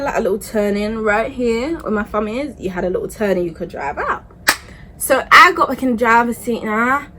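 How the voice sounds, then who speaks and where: A young woman telling a storytime vlog, chatty and animated, often checking in with "yeah?". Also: a little high, a little hiss or hum, rough recording. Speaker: vlogger.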